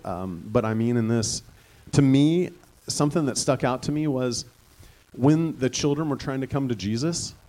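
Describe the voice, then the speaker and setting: A man's voice: medium pitch, warm tone. A man preaching a sermon in a conversational way, now and then rising to fervent emphasis. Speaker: pastor.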